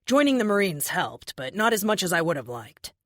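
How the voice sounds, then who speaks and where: A woman's voice: on the low side, big pitch swings, fairly quick, dry recording, clean studio sound. Woman voicing a weary male hero leader. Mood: uneasy. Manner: candid, uneasy confession. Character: weary adult male superhero team leader.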